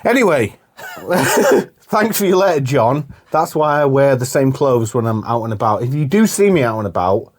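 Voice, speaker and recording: A man hosting a podcast in casual chat, jokey and animated, acting out movie scenes. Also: medium pitch, moderate pace. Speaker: podcast host.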